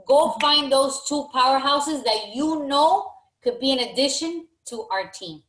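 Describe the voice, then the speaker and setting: A woman's voice: sits high, lively intonation, measured pace, a bit bright, reverberant, poor audio. A woman leading a motivational team call, emphatic and encouraging, often repeating her phrases. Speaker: team leader.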